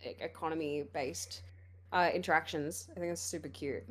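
A woman guest chatting about games over an online call, her voice a little hoarse, talking in a hesitant way with many fillers. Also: low voice, steady tone, moderate pace. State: losing her voice. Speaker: guest gamer. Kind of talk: casual chat.

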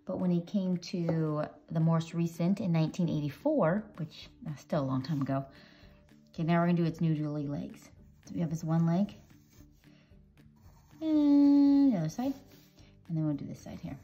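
A low, mellow-voiced woman walks kids through a drawing step by step. She talks in a chatty, playful way as she works. The sound is dull and lo-fi, with faint music behind her. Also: steady tone, brisk. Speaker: drawing teacher. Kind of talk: casual drawing tutorial for kids.

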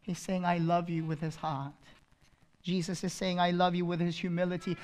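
A male pastor preaching a sermon, swinging from loud proclaiming to hushed intensity and repeating phrases for emphasis. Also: high-pitched, flat delivery, moderate pace.

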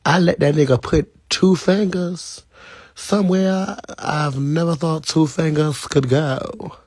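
A young man telling a gossipy story on a livestream, dramatic, with sudden high shrieks and whispers. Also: fairly even intonation, slow pace, a little mellow, no echo. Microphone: phone.

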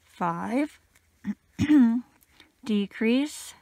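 Slow, steady woman counting crochet stitches. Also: fairly high pitch, no room sound. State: slightly crackly voice. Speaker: crochet instructor.

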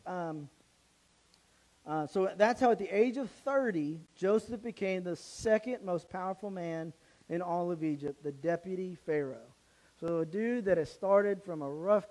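A man with a higher-than-usual voice delivers a sermon in a church. He tells the story casually and with animation, stumbling and restarting as he goes. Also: a little mellow, poor audio. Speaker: pastor.

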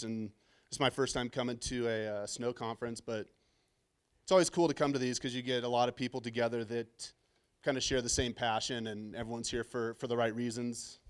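A middle-aged man from Southern California gives his first conference keynote on a stage microphone, his smooth, medium-pitched voice telling stories casually. His tone is self-deprecating and a little nervous.

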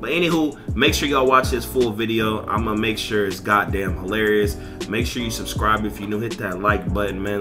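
A man giving casual gaming commentary, brash and profane, trading insults over voice chat. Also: lowish voice. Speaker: gaming YouTuber.

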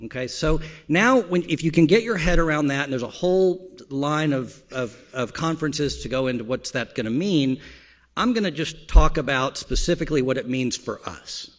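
A man giving a relaxed conference keynote, joking and using frequent fillers. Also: on the high side, moderate pace. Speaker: keynote speaker. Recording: slightly dull, lo-fi sound.

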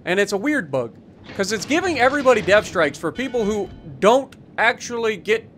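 A man with a high voice narrates his gameplay in a loose, chatty way. His pitch swings widely as he teases enemy players and picks apart their mistakes with dry sarcasm. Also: a bit bright. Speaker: gaming YouTuber. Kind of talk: casual gameplay commentary.

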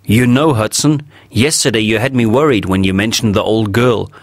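A man's voice: on the low side, normal speed, dry recording, clean studio sound. A man voicing an earnest, slightly awkward young man in a storybook reading.

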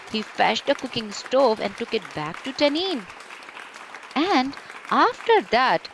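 A woman reading a children's storybook aloud in a gentle, expressive, sing-song way. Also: fairly high pitch, a little hiss or hum.

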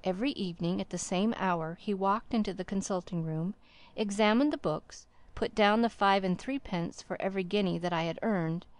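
A woman narrating a classic story as an audiobook in a measured, formal way. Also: medium pitch, a little mellow, no room sound.

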